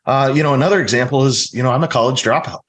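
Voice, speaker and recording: A man's voice: mid-range voice, very fast, fairly bright tone. A middle-aged man from the American Midwest, earnestly telling stories from his life as a guest in a casual podcast interview. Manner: earnest, storytelling, reflective.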